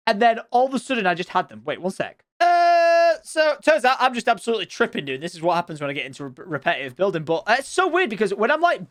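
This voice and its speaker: A young man commenting on his Minecraft building session in chatty, excitable talk with frequent exclamations. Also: high voice, dry recording, studio quality. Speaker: gaming YouTuber. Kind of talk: Minecraft let's play commentary.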